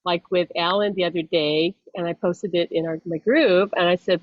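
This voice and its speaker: A woman's voice: lowish voice, steady tone, moderate pace. A woman host and psychic medium talking casually, rambling and restarting her sentences, breaking into laughter often. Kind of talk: casual explanatory chat. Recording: dull dry lo-fi sound.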